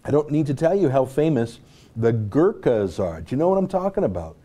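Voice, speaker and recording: A man from North America hosts an online show with casual commentary. He rambles and turns sarcastic, breaking off for asides. His voice sounds mellow and warm. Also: mid-range voice, big pitch swings, fairly quick.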